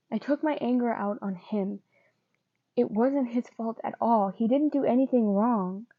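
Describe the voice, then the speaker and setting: A woman reading fanfiction aloud in an earnest first-person voice, with pauses and small slips. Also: medium pitch, no room sound, highs cut off. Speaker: fanfiction reader.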